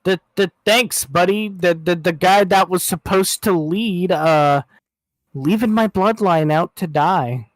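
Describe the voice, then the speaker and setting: High-voiced young man, dry and close. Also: takes it slowly, no room sound. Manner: profane, excitable, deadpan jokes. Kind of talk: casual chat on a live show.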